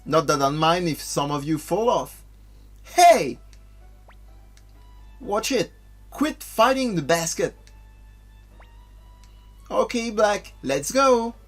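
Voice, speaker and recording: A brash young dragon knight apprentice, teasing and sure of himself, as a man reads his lines aloud. His voice sits a little high. Soft music plays underneath. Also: animated, slow, long pauses, full character voice. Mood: bossy.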